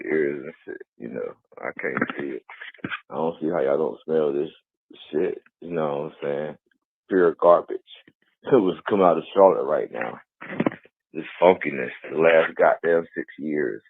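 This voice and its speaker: A man calling in with a very deep, low voice rants and swears his way through a long call. The sound is thin and tinny, like it's coming through a phone line, and it's dry with no room around it. He rambles and keeps circling back with "you know what I'm saying.". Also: dry recording. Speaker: caller. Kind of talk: call-in rant.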